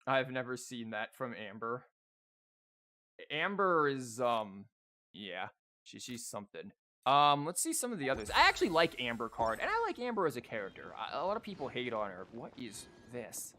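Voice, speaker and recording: A man's voice: medium pitch, huge pitch swings, normal speed, sharp tone. A male streamer chatting casually on a livestream, rambling and stammering as he plays a card game and talks to chat.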